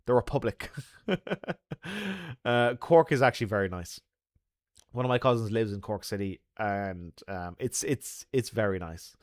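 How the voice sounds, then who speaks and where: A man's voice: fairly low pitch, measured pace, no room sound. Irish guy rambling on his live stream, laughing a lot, answering chat, dry close mic. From Ireland. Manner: chatty and jokey, laughs often, loose with fillers. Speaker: livestream host. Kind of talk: casual live-stream chat reading viewer comments.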